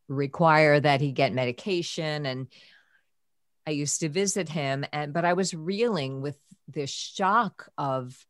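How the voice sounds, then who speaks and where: A middle-aged woman with a low voice hosts a podcast conversation, recalling a hard stretch of her life. She speaks softly and with feeling, sometimes sinking to a whisper. The sound is close and dry. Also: no room sound. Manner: emotional, soft-spoken, drops to a whisper at times. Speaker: podcast host. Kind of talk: personal storytelling in conversation.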